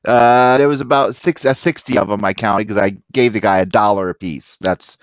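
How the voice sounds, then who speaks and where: Man, podcast co-host, casual chat, lively storyteller, acts out quotes, dry close sound. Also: fairly low pitch, moderate pace, no echo. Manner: animated storyteller acting out quoted people. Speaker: podcast co-host and comic collector.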